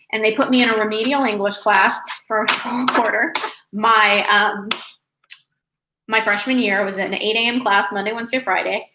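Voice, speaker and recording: A congested young woman rambles through a casual live stream from her apartment, full of fillers and self-corrections. Her voice is bright and slightly high. The room sounds echoey, with a faint hiss underneath. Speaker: artist live-streaming from home.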